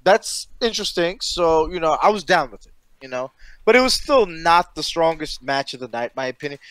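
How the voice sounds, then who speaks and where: A man co-hosting a casual podcast chat, talking in an excited, profane, storytelling way. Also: on the high side, brisk, clean tone, no echo. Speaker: podcast co-host.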